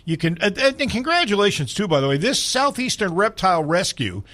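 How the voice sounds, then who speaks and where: A man's voice: high voice, very animated, a little fast, bright, forceful tone. A man hosting a radio interview who reacts often and laughs easily. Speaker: radio show host.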